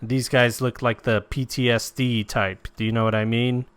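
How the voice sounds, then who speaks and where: A man voicing a nervous, shady male arms dealer who rambles and protests loudly. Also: mid-range voice, level tone, moderate pace, clear, resonant tone, dry recording, natural voice. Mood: defensive. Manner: rambling, defensive, loud protests.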